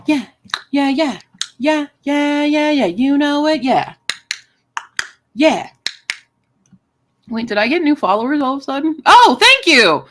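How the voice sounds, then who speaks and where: A woman live streaming from her apartment, chatting casually and playfully and slipping into joke accents. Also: medium pitch. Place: home apartment, indoors.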